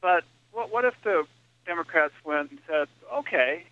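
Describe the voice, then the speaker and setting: A man's voice: fairly high pitch, expressive, moderate pace. A man calling in to a talk radio show, earnest and thinking aloud as he lays out an idea, heard over a phone line. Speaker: caller. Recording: dull phone-line audio.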